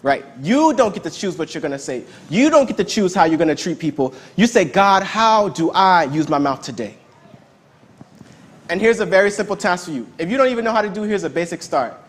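A man with a notably high voice delivers a sermon in a loose, conversational style. He leans on repetition for emphasis, speaking as if chatting with his congregation. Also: very animated, fast, few pauses. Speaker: preacher.

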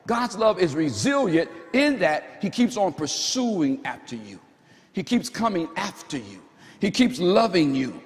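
A man's voice: sits high, sing-song, a little slow. A man preaching a sermon as pastor at a church service, fervent and full of repeated phrases. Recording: long hall reverb.

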